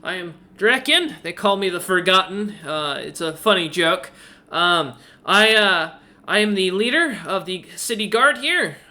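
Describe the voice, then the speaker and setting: Man doing a chirpy high owl innkeeper. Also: lively intonation, measured pace, sharp tone, full character voice. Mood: chatty. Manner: chirpy, eager to please. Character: two-foot owl-like male innkeeper, cheerful and fussy.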